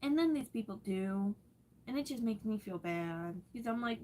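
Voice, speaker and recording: A young woman chatting casually on a vlog, answering comments in a blunt, profane and expressive way. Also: medium pitch, moderate pace, slight background noise. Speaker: social media creator answering comments.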